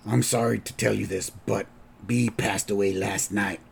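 A man voicing a somber old man who delivers bad news in a low, quiet voice. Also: fairly even intonation, normal speed, vocal fry, slight background noise. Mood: solemn.

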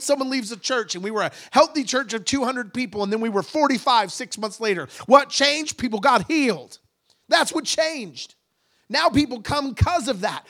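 A pastor preaching with a high, bright-edged male voice. He surges from steady teaching into impassioned, near-shouted climaxes, carrying the congregation with him. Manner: impassioned, rising to shouts at peaks. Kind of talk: sermon.

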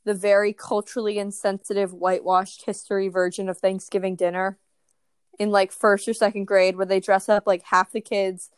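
A young woman from Maryland in casual chat, animated and opinionated, with frequent likes. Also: mid-range voice, normal speed, clear, resonant tone, no echo.

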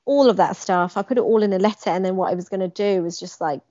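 A young woman tells a personal story, bringing scenes to life as she describes them. Her voice sits at an average pitch. The recording is dry and slightly muffled. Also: quick pace, no echo. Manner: animated, acts out quoted lines with emphasis. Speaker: guest. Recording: dry, slightly dull lo-fi sound.

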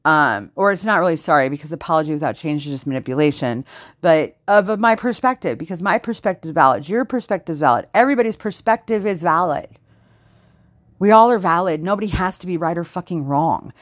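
A woman's voice: fairly low pitch, lively intonation, no echo, clean studio sound. A woman hosting her own unedited podcast, ranting with heavy swearing and sudden jumps between exasperation and sarcasm. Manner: profane, fast-shifting, venting with heavy swearing. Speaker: podcast host. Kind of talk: unedited solo podcast rant.

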